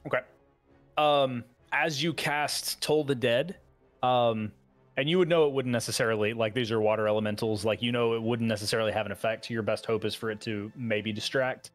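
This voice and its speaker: A man's voice: mid-range voice, steady tone, a little fast, soft background music. A man running a tabletop game as dungeon master, talking casually with many fillers and easy laughs. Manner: hesitant, filler-heavy, laughs easily.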